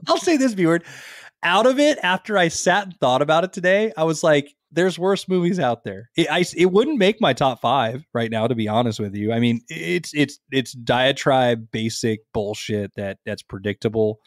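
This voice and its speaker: A man in his thirties co-hosting a podcast, telling stories in a crude, joking, animated way. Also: mid-range voice, normal speed, dry recording, studio quality. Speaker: podcast co-host. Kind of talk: casual podcast chat.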